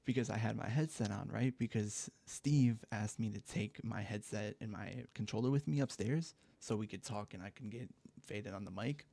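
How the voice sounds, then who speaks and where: Young dude w a dark gravelly voice, rambly story time on a headset mic, lots of likes and ums. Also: male voice, fairly low pitch, normal speed, few pauses, no echo. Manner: rambling, profane, lots of fillers. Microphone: gaming headset mic.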